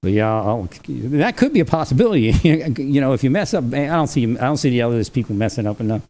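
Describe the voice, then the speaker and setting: A man's voice: medium pitch, big pitch swings, fast talker, mellow. Man rambling on a livestream. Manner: rambling, chuckles often between thoughts. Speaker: livestream host. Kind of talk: rambling solo livestream talk.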